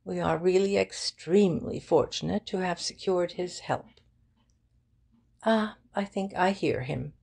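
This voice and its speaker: A woman's voice: fairly low pitch, a little slow, gravelly, darkish tone, breathy edge, pitched above the performer's own voice, exaggerated voice. A woman reading the part of a fussy, courteous elderly male solicitor in a precise, old-fashioned way.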